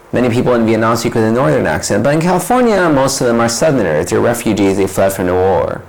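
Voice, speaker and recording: Animated, gravelly-voiced man musing aloud. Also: medium pitch, fairly quick, few pauses, rough recording. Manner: conversational, digressive with rhetorical questions. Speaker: vlogger explaining ideas. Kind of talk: casual reflective monologue.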